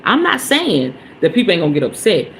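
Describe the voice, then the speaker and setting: Animated woman preaching spiritual pep talk. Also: fairly low pitch, fairly quick, a little hiss or hum, rough recording. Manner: emphatic, preachy, talks straight to listeners. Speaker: spiritual podcast host.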